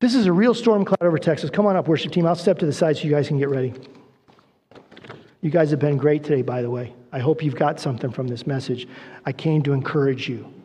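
A man preaches to a congregation, his voice sitting high for a man. He tells stories and acts out the quoted lines with energy. The sound rings with a long reverb from a church sanctuary. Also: quick pace, dark tone, breathy edge. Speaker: guest preacher. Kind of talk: sermon.

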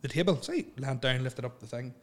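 A man's voice: medium pitch, sing-song, a little fast. A man with a mid-range voice tells a long anecdote among friends. He stumbles, restarts and fills gaps with "uh" and "like". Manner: rambling, hesitant, laughing. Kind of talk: casual storytelling.

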